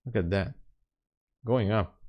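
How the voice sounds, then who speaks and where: A man's voice: on the low side, a little slow, muffled recording. A man with a Hungarian accent, chatting casually on a live trading stream and laughing often as he answers viewer comments. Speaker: day trading livestreamer. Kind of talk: casual livestream chat. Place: home.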